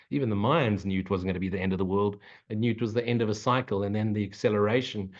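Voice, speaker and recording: A low-voiced man gives a spiritual Q&A talk in a blunt, profane, joking way. The recording is dull and lo-fi. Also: normal speed, a little mellow. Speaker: spiritual teacher. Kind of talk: casual Q&A talk. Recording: muffled, lo-fi recording.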